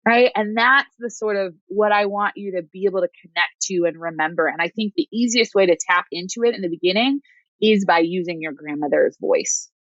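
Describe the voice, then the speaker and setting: Calm woman coach, dry muffled sound. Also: mid-range voice, fairly quick, no room sound. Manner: calm, reflective, keeps checking in with "right?". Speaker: host and coach. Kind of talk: podcast coaching session.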